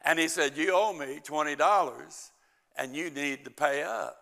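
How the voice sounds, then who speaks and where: A male pastor delivering a sermon at an unhurried, deliberate pace. His voice is bright and edged with gravel, and he tells a story and voices its characters as he goes. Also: on the high side. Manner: storytelling preacher, acts out the characters' lines.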